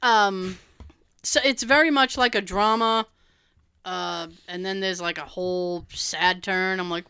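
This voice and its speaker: A woman co-hosting a casual movie chat, animated, laughing often and swearing casually. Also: medium pitch, unhurried, clear, resonant tone, no echo. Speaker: podcast co-host.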